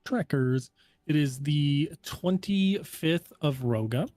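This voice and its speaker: A man acting as game master, explaining a contract to the players in a relaxed, halting way with many fillers. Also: fairly high pitch, no room sound, faint music behind. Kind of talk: narrating a tabletop game.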